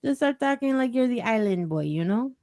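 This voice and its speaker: A woman's voice: fairly high pitch, expressive, brisk, warm tone, no echo. A woman telling a rambling story as a podcast guest, with lots of "like" and "you know". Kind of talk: casual storytelling.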